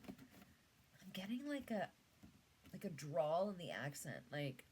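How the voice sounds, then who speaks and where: Slow low-voiced Canadian woman reading tarot. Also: sing-song, darkish tone, slight background noise, rough recording. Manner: musing, trails off and restarts. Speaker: tarot reader. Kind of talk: casual tarot reading monologue.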